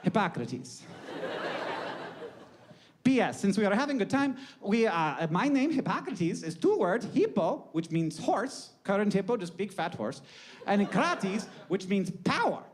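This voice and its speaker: A man's voice: high-pitched, very animated, measured pace. A man voicing a smug, boastful old ancient Greek physician who jokes crudely, over a noisy recording.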